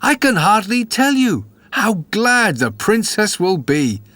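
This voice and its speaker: Guy doing silly young country lad, way up high, all excited n whooping. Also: slow, no echo, heavily acted. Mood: pleased. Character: cheerful foolish young country man, brash.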